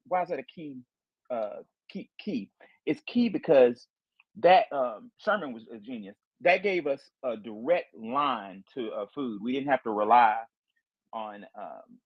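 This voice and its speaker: A man's voice: medium pitch, husky, dry recording, lo-fi sound. A man from Alabama, arguing his point in an online debate and stumbling over fillers and repeated words. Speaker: debate participant. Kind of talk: online audio-room debate.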